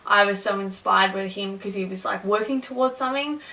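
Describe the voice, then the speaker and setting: A woman's voice: mid-range voice, fairly quick, bright, forceful tone. A woman in her twenties rambling candidly through a personal story, with lots of fillers, as a vlogger. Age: 20s. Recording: echoey room, mic at a distance.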